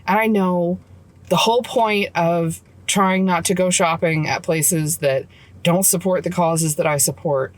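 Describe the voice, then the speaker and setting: Frustrated woman venting in her car. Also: on the low side. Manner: frustrated, venting, swears a lot. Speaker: vlogger and mom. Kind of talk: casual vlog rant. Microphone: phone camera.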